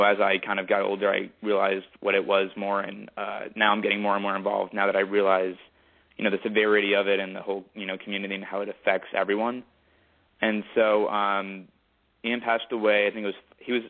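A young man telling his story as a guest in an interview, hesitant with many pauses. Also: on the low side. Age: young adult. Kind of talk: casual interview. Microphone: phone call. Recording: tinny phone line.

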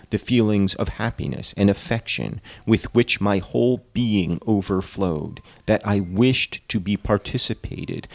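A man reading aloud and voicing an anguished, remorseful male creature in a slow, low, hushed delivery. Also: no echo.

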